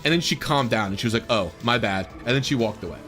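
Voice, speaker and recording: This man streams a game while rambling casually through a story, full of fillers and exasperated asides. His medium-pitched voice is animated and racing, with music playing in the background.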